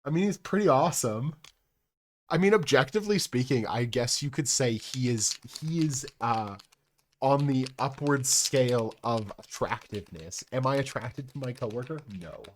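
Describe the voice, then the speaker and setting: A man's voice: medium pitch, lively intonation, moderate pace, a little hiss or hum. A young man chatting casually on a live stream, telling a rambling story full of swearing and asides to his chat.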